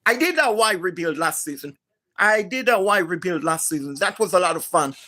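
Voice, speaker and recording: A woman with an accent, an energetic and enthusiastic gaming streamer chatting live to viewers. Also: on the low side, a little fast. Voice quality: non-native accent.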